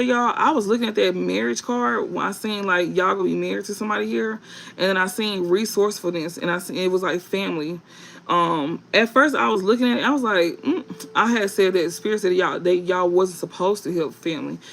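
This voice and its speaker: A man giving a casual tarot reading to viewers, rambling and halting with many fillers and restarts, and reading card meanings aloud. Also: high-pitched, vocal fry, a little hiss or hum, poor audio. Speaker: tarot reader.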